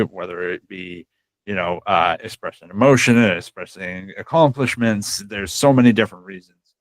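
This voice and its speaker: A middle-aged man hosting a podcast, talking in a relaxed, appreciative way. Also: lowish voice, dry recording. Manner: relaxed, appreciative, with fillers and laughs. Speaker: podcast host. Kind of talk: casual interview chat.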